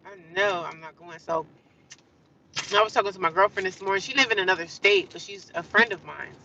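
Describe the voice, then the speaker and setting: A woman's voice: medium pitch, a little fast, sharp tone, a little hiss or hum. A woman chatting casually with viewers on a livestream, rambling and repeating herself. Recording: distant, slightly dull phone audio.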